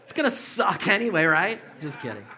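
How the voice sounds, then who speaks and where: Young male stand-up comic, bright tone, crude loose storytelling, club stage. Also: sits high, sing-song, brisk, a little hiss or hum. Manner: loose, profane storytelling with mocking quoted voices. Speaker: stand-up comedian. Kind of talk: stand-up set. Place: small comedy club stage.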